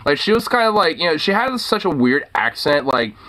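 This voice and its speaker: A man's voice: a little high, big pitch swings, a little fast, bright, forceful tone. A man hosting a casual talk show, ranting in a profane, rambling way full of fillers. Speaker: host. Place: lives in Portland.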